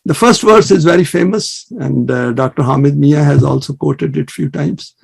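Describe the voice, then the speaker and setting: Religious lecturer, male, earnest and measured, fry in the voice. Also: on the high side. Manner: earnest, measured lecturing with fast Arabic recitation. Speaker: Islamic study presenter.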